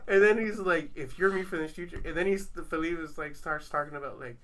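A man's voice: a little high, fast, a bit bright, slight background noise. A man hosting a podcast, telling a long rambling story in casual chat with lots of fillers. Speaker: podcast host.

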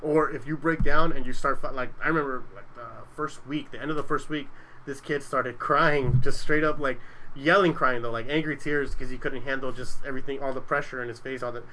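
A man's voice: mid-range voice, fairly even intonation, fairly quick, bright, forceful tone, a little hiss or hum, poor audio. A young adult man telling stories in casual chat, rambling and profane, with lots of restarts.

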